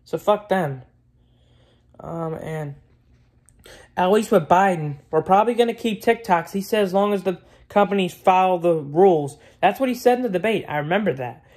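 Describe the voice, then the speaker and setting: A man's voice: high-pitched, normal speed, darkish tone. A man talks straight to his audience in a loose, rambling rant. He is blunt and opinionated, circles back to the same points, and swears freely along the way. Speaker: vlogger. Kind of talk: casual rant to camera.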